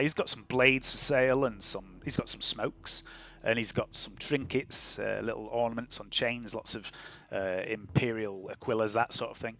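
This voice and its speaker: A man's voice: mid-range voice, sharp tone, dry recording. Casual male game master; loose, chatty scene-setting. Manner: rambling, full of fillers and chuckles. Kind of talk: narrating a tabletop game.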